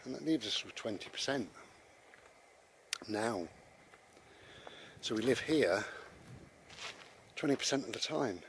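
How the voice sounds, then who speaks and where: A man's voice: mid-range voice, animated, measured pace, long pauses, a bit bright, a little hiss or hum. A British man rambling conversationally about mindfulness, with frequent restarts, as he walks his dog outdoors. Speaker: vlogger. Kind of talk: casual spoken reflection on mindfulness.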